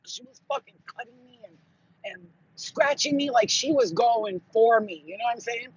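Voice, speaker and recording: A man telling spiritual stories in casual monologue, profane and animated, acting out what people said. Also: high voice, moderate pace, slightly rough, muffled recording. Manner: profane, animated, acts out quotes. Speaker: spiritual channel host.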